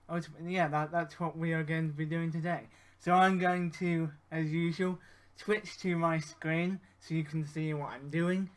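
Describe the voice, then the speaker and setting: A man teaching audio effects in an informal, hesitant way, with many fillers. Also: on the high side. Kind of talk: screen-share software tutorial.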